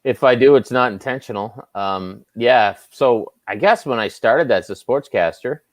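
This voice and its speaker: A man with a Canadian Maritime accent, a sports anchor chatting as a guest in a relaxed, self-deprecating way. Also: medium pitch, moderate pace, no room sound. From Nova Scotia, Canada. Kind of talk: casual interview chat.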